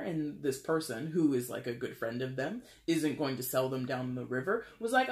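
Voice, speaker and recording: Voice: medium pitch, moderate pace, hardly any pauses, echoey room. A tarot reader giving a casual, chatty reading, often acting out imagined dialogue and breaking into asides. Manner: chatty, acts out imagined dialogue in lively quoted voices; frequent laughs and asides.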